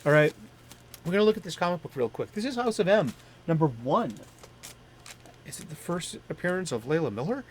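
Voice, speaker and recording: A man's voice: fairly high pitch, big pitch swings, a little fast, pauses often, slight background noise. A middle-aged man hosting a comics talk stream, chatting in a rambling, enthusiastic way that often stops to correct itself. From Boston area. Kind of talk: casual rambling chat.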